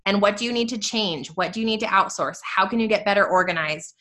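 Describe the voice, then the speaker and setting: A woman's voice: medium pitch, quick pace, sharp tone. A woman in her thirties hosting a live tutorial, chatty and upbeat as she encourages her listeners. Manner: chatty and upbeat, full of "like" and "you guys". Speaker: host teaching a faith journal.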